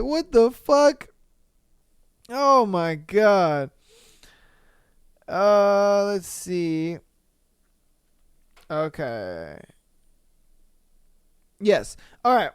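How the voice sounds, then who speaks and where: A man hosting a podcast who reads listener stories aloud and reacts between them with loud, profane exclamations. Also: high-pitched, big pitch swings, takes it slowly, long pauses, clean tone, dry recording, clean studio sound. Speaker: podcast host.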